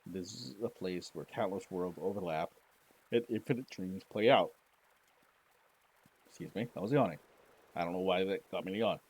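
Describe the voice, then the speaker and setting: A man's voice: sits low, a little fast, a little mellow, slightly rough, rough recording. A man streaming a text-based game, reading the story aloud dramatically with joking asides. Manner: theatrical narration broken by joking asides.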